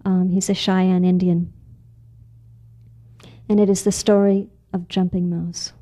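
A woman storyteller telling a tale to a live audience. Her voice is mellow and warm, gentle and often hushed to a near-whisper for suspense. It is recorded in a barn performance space. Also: on the low side, level tone, measured pace.

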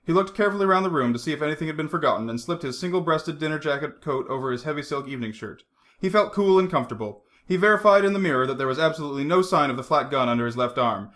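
Male hobby audiobook reader, animated and quick, fairly high voice. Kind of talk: reading a novel aloud.

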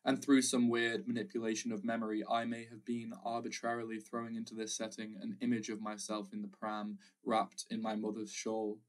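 Low, flat-voiced male narrator. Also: distant mic. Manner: measured, reflective, slow pauses. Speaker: audiobook narrator. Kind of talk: literary audiobook narration.

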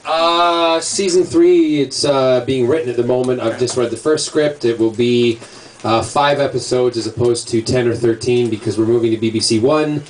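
A man in his forties, raised in Scotland but speaking with an American accent, fields audience questions at a bookstore signing, playful and cheeky and laughing often. His mid-range voice comes at normal speed through a distant mic with slight hiss or hum, amid the chatter of a crowded room.

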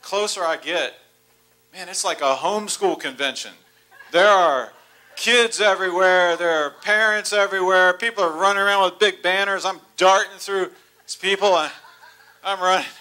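A man in his forties preaching in a church, telling a long comic story with laughter and rising excitement. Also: high voice, normal speed. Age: 40s. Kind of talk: storytelling sermon. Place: church sanctuary.

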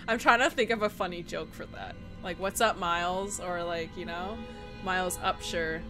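A woman's voice: on the low side, wildly swooping pitch, a little slow. Giggly young woman streaming a game. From Canada. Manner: giggly, chatty, reads chat aloud. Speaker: livestreamer. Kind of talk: casual game livestream chat. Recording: music playing underneath.

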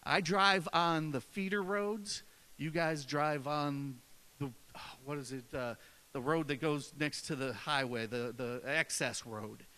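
A man's voice: on the high side, fairly even intonation, a little slow, pushed and bright. A man with a northern US accent giving an informal, conversational sermon with an emphatic delivery and frequent restarts. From northern United States. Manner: conversational, with many fillers and restarts. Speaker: preacher.

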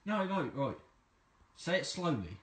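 A man's voice: a little high, very animated, unhurried, recorded from a distance. A young man patiently explaining a smart speaker to his father. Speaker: son filming his dad. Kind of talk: candid home video. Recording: echoey room.

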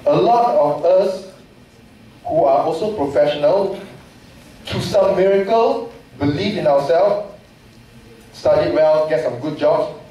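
Guy on a forum panel, slow heartfelt speech, kinda high voice, far off in a boomy hall. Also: mellow. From Malaysia. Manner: passionate, repeats rhetorical questions. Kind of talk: impassioned public speech. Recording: echoey hall, distant mic, faint noise.

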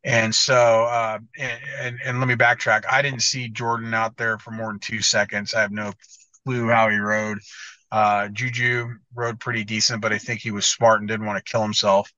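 A man's voice: fairly low pitch, level tone, moderate pace, bright, forceful tone, dry recording, highs cut off. An American man talking as a guest in casual podcast chat, blunt and swearing freely, often stumbling over restarts. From United States. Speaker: guest motocross editor.

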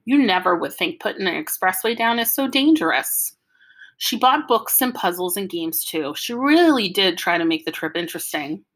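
A woman reading a novel aloud with lively, wry storytelling. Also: medium pitch. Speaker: audiobook reader. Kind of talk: storytelling narration.

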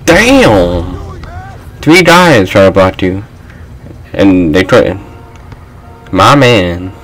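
A young man giving loose, trash-talking commentary while he plays a basketball video game, often shouting at his teammates and the game. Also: low voice, sing-song, very slow, faint music behind, rough recording. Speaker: gaming channel host. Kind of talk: live gameplay commentary.

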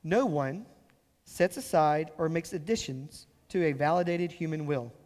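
A man with a high voice preaches a sermon, reading scripture and explaining it. He slows down and lifts his voice to press home the words that matter. His voice rings with a long reverb through a church sanctuary. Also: darkish tone. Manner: explains scripture with emphatic rises and slow stressed phrases. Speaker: pastor.

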